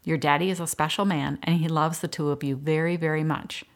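A woman voicing a gentle young woman caring for twin girls, coaxing and warm with them. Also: low-pitched, steady tone, brisk, creaky.

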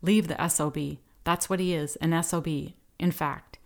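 A woman's voice: low voice, steady tone, moderate pace. A woman voicing a crude, drunk middle-aged male judge who slurs and barks. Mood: drunk gruff. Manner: slurred, gruff barking.

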